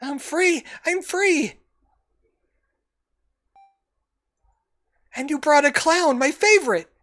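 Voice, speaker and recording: A woman voicing a grateful young female fairy, reading game dialogue aloud in a high, airy voice. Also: measured pace, fairly bright tone. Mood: overjoyed.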